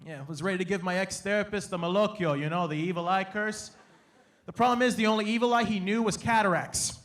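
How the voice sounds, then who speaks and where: A young man from Canada doing an animated, playful stand-up comedy set on a stage, acting out his family in quick bits. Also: sits high. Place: comedy stage before a live audience.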